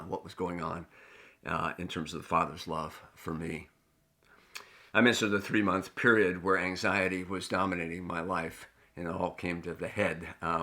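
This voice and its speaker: A middle-aged man preaches a sermon with earnest, storytelling warmth and lively emphasis. His voice sits somewhat low yet sounds bright and forward. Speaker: pastor.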